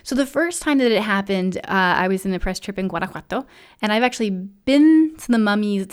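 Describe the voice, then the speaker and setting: A chatty woman hosting a podcast, telling a travel story with animated energy. She laughs often and acts out the people she quotes with quick changes of voice. Her voice sits at an everyday middle pitch for a woman. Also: clean tone. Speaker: podcast host.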